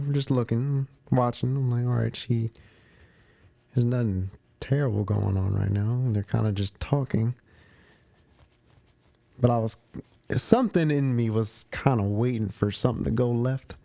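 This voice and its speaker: A man's voice: medium pitch, mellow, dry recording. A man hosting a movie review show, chatting casually about spoilers in slang, often repeating himself and restarting his sentences.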